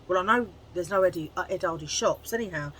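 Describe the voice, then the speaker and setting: A woman's voice: lowish voice, husky, rough recording. Chatty woman vlogging at home. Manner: chatty and chummy, with quick asides. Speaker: haul vlogger. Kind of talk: casual chat to camera.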